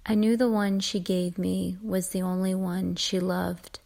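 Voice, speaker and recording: A woman from the United States reading her own poem in a measured, lingering way, with line ends fading into a breathy whisper. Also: lowish voice, level tone, a little mellow. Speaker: poet. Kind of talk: poetry reading.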